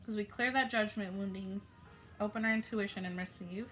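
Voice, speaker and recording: Brief: affectionate spiritual channeler woman, bright and high, faint music behind. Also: fairly even intonation, brisk. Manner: affectionate, encouraging, loose with fillers. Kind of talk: casual spiritual message to viewers.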